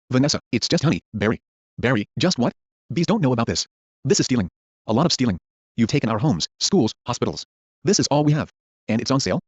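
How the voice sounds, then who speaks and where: A man reading a film script aloud, speaking the character names and stage directions in one even voice. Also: medium pitch, no echo. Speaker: script reader. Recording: dull lo-fi dry recording.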